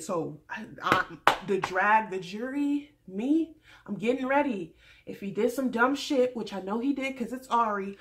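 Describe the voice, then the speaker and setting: Woman, mid-pitched voice, casual vlog host giving opinionated recaps, animated with sudden loud and quiet turns. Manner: animated, swings between loud emphasis and quiet asides; chatty, addresses viewers as y'all. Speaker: reality TV recap vlogger.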